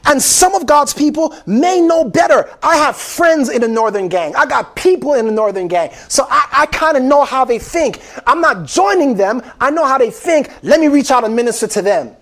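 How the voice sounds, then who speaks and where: A man's voice: very high-pitched, lively intonation, normal speed, hardly any pauses, a bit bright. A man preaching an impassioned sermon, repeating phrases and calling his listeners beloved. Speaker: pastor.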